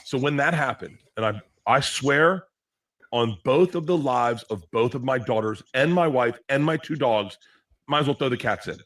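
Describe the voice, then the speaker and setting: A man's voice: medium pitch, moderate pace. A man telling a rowdy story in a clip, swearing and acting out what others said. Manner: swears, quotes others in excited bursts. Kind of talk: animated storytelling.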